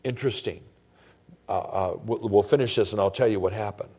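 A man preaching a sermon in a conversational way, his voice swinging from loud emphasis to hushed tones. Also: lowish voice, a little fast. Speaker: pastor.

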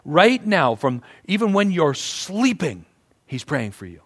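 A man's voice: a little high, very animated, unhurried. A male pastor preaching a conversational sermon, emphatic and often repeating his words as he builds a point.

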